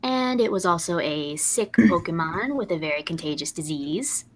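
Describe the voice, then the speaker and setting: A woman's voice: lowish voice, expressive, normal speed, a little hiss or hum, natural voice. A woman playing a dutiful young female courier in a tabletop game, polite and dry.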